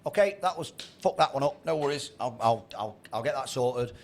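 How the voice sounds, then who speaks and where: A man's voice: medium pitch, expressive, normal speed, slight background noise. A man in his thirties giving a blunt, sweary motivational talk to a trading group on a video call. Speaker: trading mentor.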